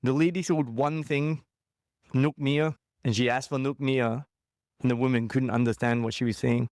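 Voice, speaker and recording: A man's voice: medium pitch, steady tone, moderate pace, darkish tone, no echo, studio quality. A man with a Scottish accent hosting a podcast interview, chatty and jokey with self-mocking asides. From Scotland. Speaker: podcast host. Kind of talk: casual interview chat.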